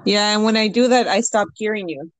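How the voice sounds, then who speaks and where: A woman's voice: medium pitch, fairly quick, no room sound, low-quality recording. A woman co-hosting a casual podcast chat with a friend over an online call, talking freely, laughing often and swearing now and then. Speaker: podcast co-host.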